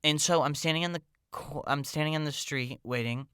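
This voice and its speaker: A man's voice: fairly high pitch, brisk, pushed and bright, smooth, no room sound, studio quality. A man hosting a podcast, telling a personal story in a casual, rambling way full of "like" and "um".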